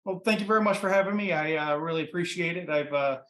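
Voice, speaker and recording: A man from Ohio, a podcast guest and pitmaster, telling his story in a relaxed, rambling way full of fillers. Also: on the high side, quick pace, roomy sound, a little hiss or hum. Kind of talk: casual interview storytelling. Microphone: computer mic.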